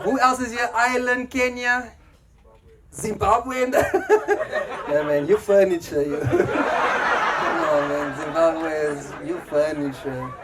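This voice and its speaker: South african comic guy on stage, voice a bit high, keeps working the crowd. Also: background noise. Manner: chatty crowd work, acts out voices in his stories. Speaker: stand-up comedian. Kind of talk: stand-up comedy. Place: comedy club stage. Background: audience laughter.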